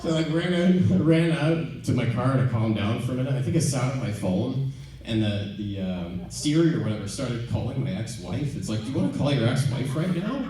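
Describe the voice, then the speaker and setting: A man doing stand-up, telling a rambling, self-deprecating story with halting ums and restarts. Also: mid-range voice, mellow. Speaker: stand-up comedian. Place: theater stage before a live audience. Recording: echoey venue from far off.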